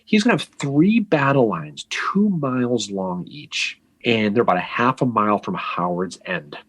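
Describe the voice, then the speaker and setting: A man's voice: mid-range voice, lively intonation, unhurried, fairly bright tone, husky, no echo. A man co-hosting a casual history podcast, telling the story with jokes, asides and restarts. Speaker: podcast co-host.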